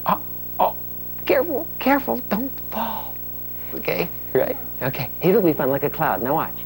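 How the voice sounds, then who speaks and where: A man working as a children's portrait photographer, coaxing a little girl with playful, hushed talk and sing-song humming. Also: sits high, big pitch swings, moderate pace, gravelly, faint music behind, poor audio.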